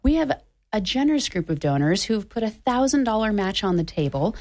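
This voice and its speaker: A woman's voice: mid-range voice, sing-song, brisk, a little mellow. A woman hosting public radio, making an upbeat, persuasive appeal during a membership drive from a studio microphone.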